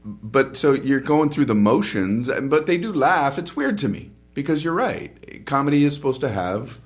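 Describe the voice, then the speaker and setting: A middle-aged man, a stand-up comedian, chatting as a podcast guest and telling animated stories from his stage career. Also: mid-range voice, moderate pace, breathy edge, soft background music. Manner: animated storyteller who acts out his old stage bits. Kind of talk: casual podcast chat.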